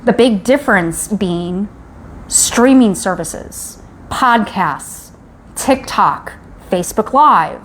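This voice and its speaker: A woman's voice: mid-range voice, expressive, slow, fairly bright tone, slight background noise. A woman hosting a live stream, speaking in an urgent, rallying way about speaking up and sharing stories. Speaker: host. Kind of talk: live-stream advocacy talk.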